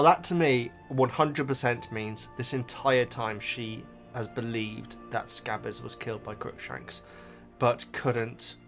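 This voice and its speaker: A man hosting a casual book reaction, animated and emotional, with frequent restarts. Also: medium pitch, vocal fry.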